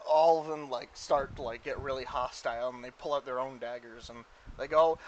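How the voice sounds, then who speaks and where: A man's voice: medium pitch, fairly even intonation, brisk, slight background noise, rough recording. A man running a tabletop game as game master, rambling and stumbling over his words with giggles.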